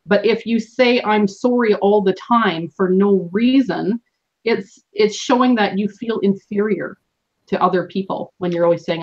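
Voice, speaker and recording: A woman's voice: mid-range voice, measured pace, darkish tone. Canadian-born woman host, earnest coach, lo-fi call sound. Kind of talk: motivational team call talk. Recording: dull lo-fi call audio.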